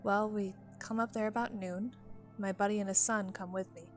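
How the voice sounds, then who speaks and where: A woman's voice: steady tone, normal speed, faint music behind, natural voice. A woman doing a drawling southern park ranger. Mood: confiding. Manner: drawling, folksy, lowers voice confidingly. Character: middle-aged male park ranger, thick southern drawl.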